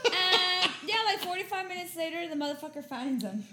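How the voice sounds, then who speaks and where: A woman co-hosting a podcast, telling a story in a casual, animated way, laughing often and swearing freely. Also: very high-pitched, brisk, reverberant. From Mexican heritage. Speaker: podcast co-host. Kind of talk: casual chat.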